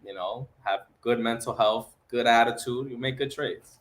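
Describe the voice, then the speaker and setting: A man's voice: medium pitch, moderate pace. A man co-hosting a casual podcast, talking in a coaching way and ending lines with "man" and "right?". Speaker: podcast co-host. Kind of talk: casual chat about the stock market.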